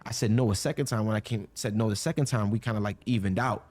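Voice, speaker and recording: A man's voice: lowish voice, fast talker, a little mellow. A young man telling a personal story casually, rambling with many fillers and acting out the quoted lines. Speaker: storyteller guest.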